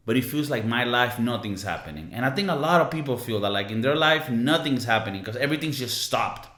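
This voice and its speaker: A young man co-hosting a podcast, venting in a casual, profane rant and mocking people with quick impressions. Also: mid-range voice, fairly bright tone. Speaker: podcast co-host. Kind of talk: casual ranting monologue. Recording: echoey room.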